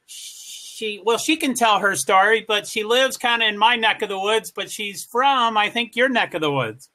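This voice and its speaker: An American man co-hosting a casual live-stream chat. His voice is high and bright. He talks in a chatty, rambling way and breaks off to greet viewers as they come in. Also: moderate pace. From United States. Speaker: co-host.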